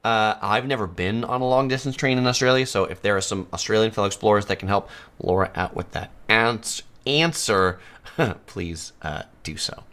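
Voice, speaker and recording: A man's voice: lowish voice, normal speed, fairly bright tone. A man from San Diego hosting a live stream, chatting easily and laughing often as he reads viewer comments. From United States (San Diego).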